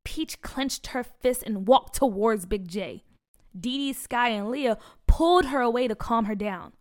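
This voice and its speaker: A woman reads a children's story aloud in an expressive, animated way. Her voice sits fairly high and she gives the narration plenty of lift. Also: unhurried.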